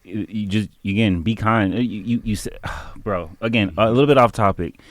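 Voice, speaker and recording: A man co-hosting a podcast in casual conversation, animated and repetitive, often asking whether you know what he means. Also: lowish voice, normal speed, no room sound. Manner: animated, repeats himself, says "you know what I mean". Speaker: podcast co-host.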